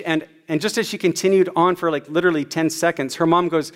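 A man's voice: fairly high pitch, quick pace, a bit bright. A man in his forties preaching a sermon as a pastor, telling personal stories in a conversational way.

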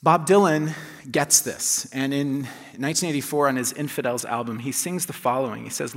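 A man's voice: medium pitch, steady tone, moderate pace, fairly bright tone. Male pastor preaching in a reverberant church. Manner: conversational and self-deprecating, with restarts and laughs. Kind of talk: sermon. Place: church sanctuary. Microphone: handheld or lapel mic, checked aloud. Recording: long reverb of a large hall.

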